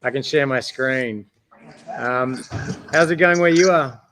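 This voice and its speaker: A man's voice: mid-range voice, unhurried, fairly bright tone. A man hosting a live stream, talking casually and encouragingly, often calling people "man" and "brother".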